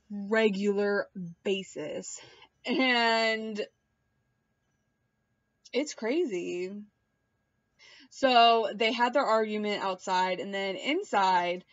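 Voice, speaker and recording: A young woman recapping reality-show drama in a casual, animated way, mimicking people in high voices and swearing offhand; she is pregnant and queasy. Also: no echo. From Puerto Rican and Cuban heritage. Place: hot room at home. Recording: dull, dry home recording.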